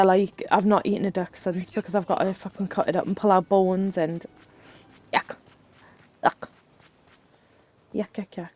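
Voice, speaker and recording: A woman's voice: mid-range voice, a little mellow. A woman streaming live, telling rambling stories in casual chat while she plays a game and swearing freely. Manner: chatty, rambling storyteller who swears freely.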